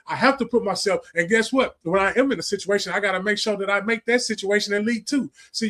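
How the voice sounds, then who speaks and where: Man, high-pitched voice, casual streetwise livestream rant, repeats himself, swears. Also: fairly bright tone. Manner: preachy, repetitive, profane, streetwise slang. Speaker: livestream host. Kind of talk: casual motivational monologue.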